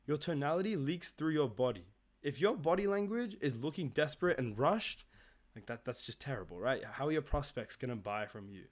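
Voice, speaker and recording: A man's voice: medium pitch, lively intonation, a little fast. A man, giving a conversational coaching lesson on sales calls and often checking in with "right?" and "okay?". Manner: explains casually, often tags "right?" and "okay?".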